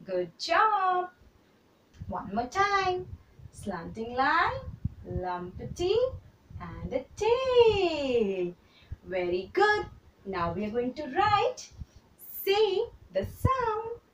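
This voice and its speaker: A woman kindergarten teacher gives a handwriting lesson to small children, slowly repeating steps and praising them. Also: very high-pitched, very animated, fairly bright tone, distant mic, a little hiss or hum. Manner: slow, repetitive, encouraging drills for small children. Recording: roomy echo, voice a little off the mic.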